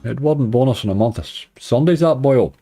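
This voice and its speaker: A man's voice: medium pitch, lively intonation, fairly quick, mellow, soft background music. A man hosting a late-night slots live stream, chatting casually, greeting viewers and laughing often. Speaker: slot streamer.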